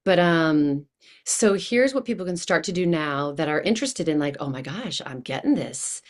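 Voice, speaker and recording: A woman guest on an interview show, talking in an animated, enthusiastic way and acting out the voices she quotes. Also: low-pitched, normal speed. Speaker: guest, coach. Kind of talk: casual interview chat.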